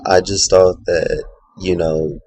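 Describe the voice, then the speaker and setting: A man's voice: low-pitched, level tone, takes it slowly, background noise. A man giving a casual, opinionated video review of a reality show, rambling with plenty of "you know" and "like".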